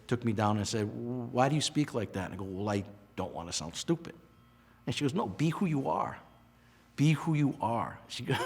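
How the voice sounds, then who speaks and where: A middle-aged man from Rhode Island speaks earnestly in a relaxed interview, often stopping and restarting as feeling catches up with him. His voice sits at an ordinary pitch for a man. The sound carries the long reverb of a large hall. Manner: earnest, emotional, halting with restarts. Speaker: interviewee, past lodge master. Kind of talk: casual heartfelt interview.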